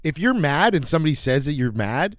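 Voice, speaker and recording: Young man, podcast co-host, swearing storyteller, very lively pitch. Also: fairly quick, dry recording, clean studio sound. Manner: swears freely, animated storyteller. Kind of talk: casual storytelling. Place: green room.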